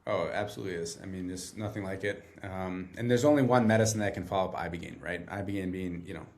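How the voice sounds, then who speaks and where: A man with a low, gravelly voice talks earnestly as a podcast guest. He explains things in a relaxed, conversational way and keeps checking in with the listener. His tone has a steady, grounded weight. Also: fast talker. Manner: earnest, tags points with "right?". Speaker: guest, treatment center director.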